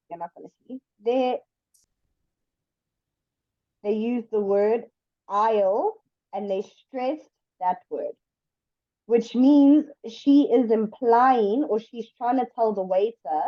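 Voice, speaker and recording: A woman's voice: a little high, no echo. Patient woman teaching English. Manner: patient, explains slowly with examples. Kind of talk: online English lesson. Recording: dull lo-fi dry sound.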